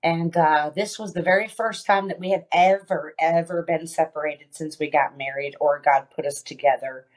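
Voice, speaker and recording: A woman being interviewed on a podcast, telling a personal story with many pauses, fillers and restarts. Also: deep voice, steady tone. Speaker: podcast guest.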